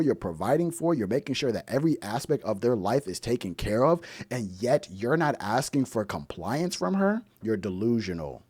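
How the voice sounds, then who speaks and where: A man delivers reaction commentary in a blunt, preachy way, circling back to the same questions again and again. His voice sits at an ordinary pitch and the recording is dry, with no room sound. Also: very animated, normal speed, few pauses, darkish tone, husky, dry recording. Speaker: relationship commentary host.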